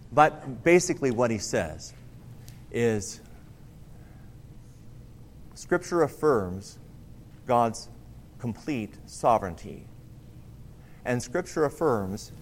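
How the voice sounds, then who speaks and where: A man delivers a sermon in an earnest, emphatic manner, with a voice of ordinary middle pitch. He often pauses and restarts, leaning hard on key words. A faint hiss sits under the recording. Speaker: preacher.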